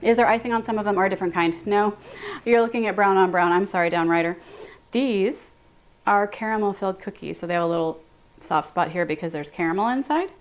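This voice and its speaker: A medium-pitched woman with a Texan accent talks a little fast on her casual home-kitchen baking livestream. She chats, thinks aloud, and calls out her viewers by name.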